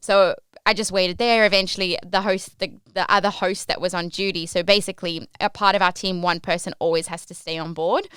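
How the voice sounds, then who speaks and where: A woman's voice: lowish voice, steady tone, a little fast, few pauses, fairly bright tone, clear, resonant tone, no echo, studio quality. A young woman from South Africa telling a casual vlog story about her work as a cruise ship entertainer, chatty and full of "like" fillers.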